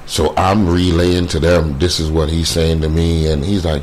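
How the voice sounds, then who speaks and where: A man telling a painful personal story in a casual way, halting often with fillers and repeated words. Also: low voice, flat delivery, darkish tone, a little hiss or hum. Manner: quotes others in a brisk voice.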